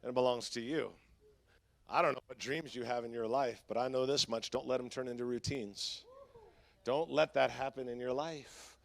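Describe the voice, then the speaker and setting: A man preaching a sermon as pastor, swinging between loud bursts and hushed lines in a chatty way. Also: mid-range voice, steady tone, moderate pace, vocal fry, no room sound. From Southern California. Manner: swings from shouting to hushed, conversational with fillers.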